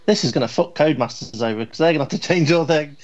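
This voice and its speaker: A man on a podcast panel in casual chat, blunt and sweary, speaking in quick bursts. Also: a little high. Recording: dull lo-fi sound.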